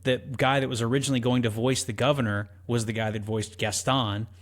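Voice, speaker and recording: A man's voice: medium pitch, a little fast. A man co-hosting a movie podcast in casual chat, telling stories and acting out quotes. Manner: animated storyteller, acts out quotes. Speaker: podcast co-host.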